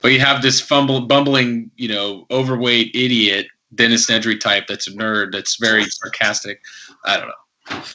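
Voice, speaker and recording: A man co-hosting a casual film podcast, talking in a relaxed, conversational way. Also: medium pitch, moderate pace. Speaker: podcast co-host. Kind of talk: casual film review chat.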